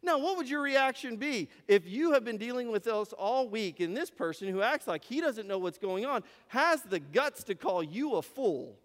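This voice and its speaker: A man's voice: very high-pitched, lively intonation, normal speed, hardly any pauses, a bit bright, big-room sound. A man preaching a sermon, retelling a story with rhetorical questions and repeated phrases, in a church sanctuary.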